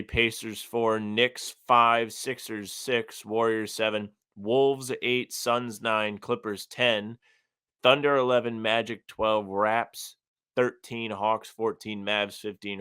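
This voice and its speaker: Podcast co-host, male, bright and punchy tone, dry close sound, casual opinionated delivery. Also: on the low side, fairly even intonation, slow pace, clean tone, dry recording. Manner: reads listener comments aloud, opinionated and conversational. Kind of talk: casual sports podcast chat.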